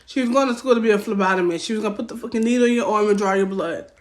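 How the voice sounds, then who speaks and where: A young woman with a Southern US accent, telling a story-time vlog in a casual, loud and profane way, acting out what people said. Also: mid-range voice, very fast. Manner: animated, loud and profane, acting out quotes with rising heat.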